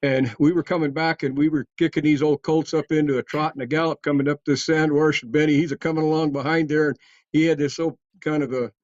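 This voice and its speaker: A man's voice: on the high side, steady tone, quick pace, dry recording. Man, rambling storyteller, chuckles, muffled dry recording. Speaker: guest storyteller. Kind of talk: casual storytelling. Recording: dull, dry sound.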